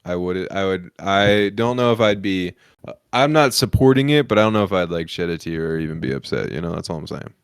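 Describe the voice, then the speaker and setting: A man with a fairly low voice rambles through crude, profanity-laced stories on a comedy podcast, often breaking into laughter. The sound is dry and close, with no room around it. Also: animated, fairly quick, clean tone, no room sound. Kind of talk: crude casual chat.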